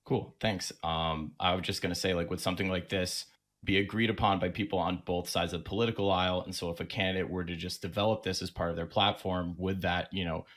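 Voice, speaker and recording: A man calling in to a talk show, asking his question softly and hesitantly. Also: low voice, steady tone, fast talker. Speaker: caller. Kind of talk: call-in conversation.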